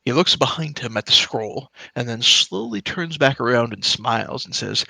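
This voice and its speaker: A man's voice: medium pitch, moderate pace, vocal fry, pushed and bright, no room sound. A man narrating as game master of a tabletop game, describing scenes in a casual way with fillers.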